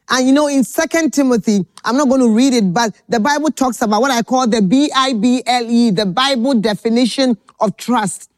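A woman preaching a sermon at a podium, slow and deliberate, repeating key phrases for emphasis. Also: fairly high pitch, dry recording.

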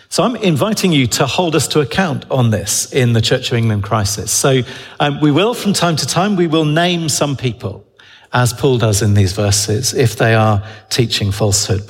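A man preaching a sermon in a church, conversational and unhurried, with frequent ums and restarts. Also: medium pitch, gravelly, slightly rough. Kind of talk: sermon with props. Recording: long church reverb.

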